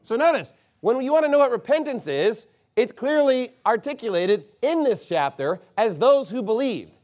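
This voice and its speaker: Lively high-voiced man preaching. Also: moderate pace. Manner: casual, conversational preaching with rhetorical questions. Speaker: pastor. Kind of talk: sermon.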